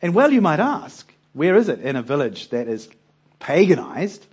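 Lively husky-voiced male preacher. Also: fairly high pitch, moderate pace, muffled recording. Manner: conversational, with frequent rhetorical questions to listeners. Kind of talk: Bible teaching talk.

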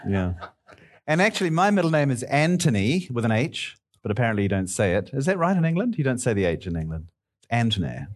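Playful, lively-voiced male pastor. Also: mid-range voice. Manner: playful, bantering with the congregation. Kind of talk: sermon.

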